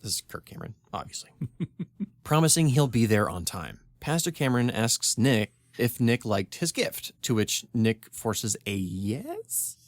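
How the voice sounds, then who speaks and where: A man's voice: medium pitch, lively intonation, moderate pace, dry recording. A man co-hosting a comedy podcast, reading his own script aloud with wry asides and frequent laughs. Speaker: podcast co-host.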